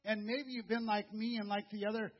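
A man preaching a sermon in a conversational, earnest way, repeating words and dropping soft and low for emphasis. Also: flat delivery, a little fast, muffled recording. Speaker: pastor.

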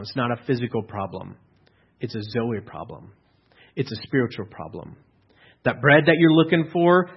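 Husky-voiced man preaching a sermon. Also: mid-range voice, muffled recording. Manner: earnest, teaching, with frequent restarts and fillers. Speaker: pastor.

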